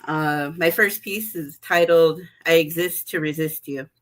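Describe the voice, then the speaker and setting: A woman's voice: sits low, unhurried. A woman poet and activist from Montana performing spoken word with declamatory, repeating refrains. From Montana, USA.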